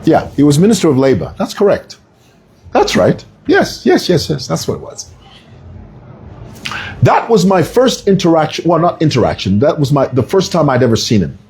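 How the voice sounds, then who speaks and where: A man giving casual political commentary, emphatic and animated, telling stories with frequent asides. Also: fairly high pitch, moderate pace, slightly rough. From Zambia.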